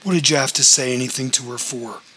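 A man's voice: mid-range voice, fast, sharp tone, a little hiss or hum, close to an everyday voice, low-quality recording. A man reading aloud, voicing a hot-tempered father in a storybook who snaps and blames others during a family dinner. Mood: angry.

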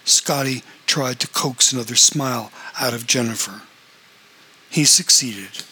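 A man reading a story aloud as the narrator, in a steady, even manner. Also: medium pitch, unhurried, husky, poor audio. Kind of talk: audiobook narration.

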